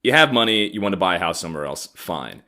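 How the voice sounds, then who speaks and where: A man in his thirties rants on his comedy podcast with sarcastic, profane anger. His low voice is bright and edgy, swinging widely up and down as he fumes. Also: big pitch swings, quick pace. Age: 30s. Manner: angry, profane, sarcastic ranting. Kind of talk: ranting comedic monologue.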